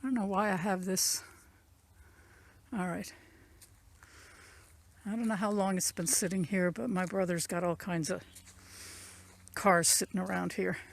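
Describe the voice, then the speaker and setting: A woman with a gravelly, fry-edged voice chats her way through a walking tour of her country property. She is recorded outdoors on a handheld phone, rambling easily and pointing things out as she walks. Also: lowish voice, fairly even intonation, a little slow, long pauses. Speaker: channel owner giving a property tour. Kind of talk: casual walking tour narration. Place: outdoors in rural woods and fields. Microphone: phone camera carried while walking.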